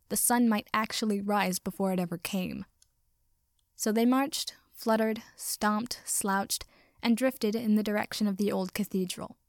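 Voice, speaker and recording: A woman narrating fiction aloud with a lively, playful delivery. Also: medium pitch, no room sound, studio quality. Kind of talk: expressive fiction reading.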